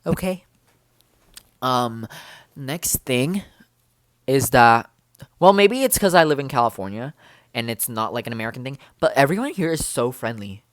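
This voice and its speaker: A young man talks straight into a close, dry mic, bubbly and rambling, tumbling from one excited exclamation to the next. His voice sits at an ordinary middle pitch, and the casual vlog chatter is packed with fillers and restarts. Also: moderate pace, pauses often, no echo. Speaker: vlogger.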